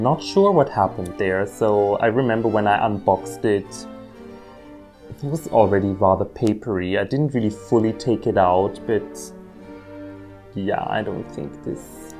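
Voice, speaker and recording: A man's voice: on the low side, dark tone. Rambling man chatting over his plants. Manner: chatty, self-mocking, lots of ums. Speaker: orchid hobbyist vlogger. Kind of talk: rambling casual vlog. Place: at home, at a table with plants. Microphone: phone camera.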